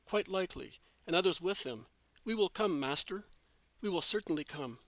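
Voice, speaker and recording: A man's voice: sits high, animated, normal speed, a bit bright, dry recording. A man voicing an eager young fisherman disciple who speaks reassuringly.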